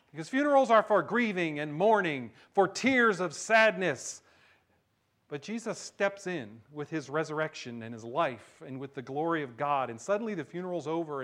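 A male pastor preaching a sermon, shifting between hushed emphasis and loud, excited storytelling. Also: fairly high pitch.

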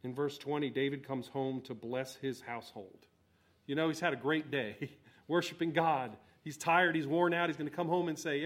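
Emphatic male preacher with a higher voice. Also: fairly even intonation, normal speed. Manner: emphatic, swings between loud exhortation and quiet asides. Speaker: pastor. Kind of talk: sermon.

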